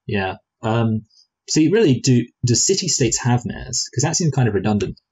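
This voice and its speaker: A man's voice: medium pitch, big pitch swings, moderate pace, darkish tone, slightly rough, rough recording. A man co-hosting a film review chat, rambling and hesitant, with many restarts and playful speculative asides. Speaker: film review podcast co-host.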